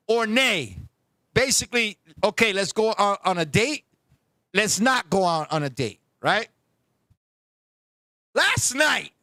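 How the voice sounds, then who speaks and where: A man hosting a casual live-streamed talk show, telling stories in an animated, profane way with frequent laughs. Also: very high-pitched.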